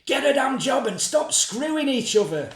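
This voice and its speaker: A man voicing a pompous, bullying male daytime talk show host who lectures and shouts at his guests with self-righteous anger, in an echoey room. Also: very high-pitched, big pitch swings, normal speed, voice pushed up. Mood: weary contempt. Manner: preachy, self-righteous outbursts.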